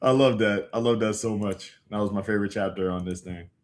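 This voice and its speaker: A man's voice: on the low side, steady tone, fairly quick. A man hosting a live stream, chatting casually about comics in a rambling, laid-back way with lots of fillers and restarts. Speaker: livestream host reading comics aloud. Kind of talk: casual livestream chat.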